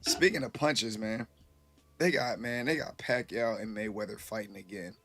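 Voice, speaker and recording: A man's voice: on the low side, normal speed, over music. A man casually chatting with his live-stream viewers, rambling loosely and swearing freely, a little tipsy.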